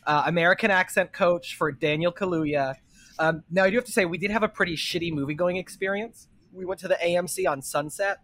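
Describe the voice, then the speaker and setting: A man co-hosting a podcast, telling animated stories in casual chat and swearing freely. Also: sits high, brisk. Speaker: podcast co-host.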